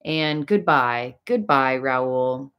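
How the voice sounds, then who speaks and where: A grave young woman singer pleading low and earnest, as a woman narrator voices her in a storybook. The voice sits deep and steady. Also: measured pace.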